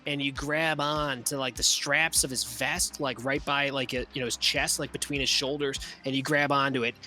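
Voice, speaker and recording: A man's voice: medium pitch, fairly even intonation, normal speed, pushed and bright. A man running a tabletop game as game master, narrating the action in a casual, profane, vivid way full of "like" and "you know". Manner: lots of fillers, like and you know.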